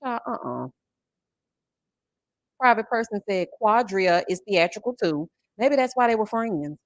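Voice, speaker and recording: Sassy animated woman in her forties. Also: mid-range voice, measured pace, no room sound. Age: 40s. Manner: sassy, animated, calls viewers honey and child. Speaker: YouTube reality-TV reviewer. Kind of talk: casual livestream chat reading super chats.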